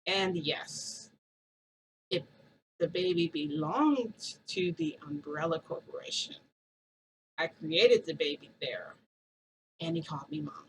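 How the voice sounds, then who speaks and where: A woman's voice: sits low, takes it slowly, long pauses, a little hiss or hum, poor audio. A woman vlogger casually telling a rambling story to her viewers, full of "like" and side remarks. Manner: rambling, chatty retelling with lots of "like".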